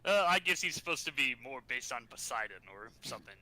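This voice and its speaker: A man's voice: mid-range voice, animated, fast, bright, forceful tone, low-quality recording. A man chatting casually on a podcast, giggling often and restarting his sentences. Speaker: podcast co-host. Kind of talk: casual chat.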